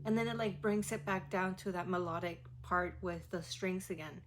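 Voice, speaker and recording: A woman's voice: fairly low pitch, moderate pace, background noise. A woman giving a casual music reaction, gushing and rambling with many fillers. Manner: gushing, rambling, heavy use of "like". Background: faint song playing.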